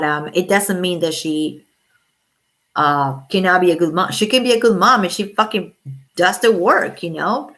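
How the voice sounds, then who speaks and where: A woman's voice: mid-range voice, fairly bright tone. A woman with children chatting casually on a livestream, giving blunt opinions and swearing freely. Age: adult with children. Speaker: livestream host.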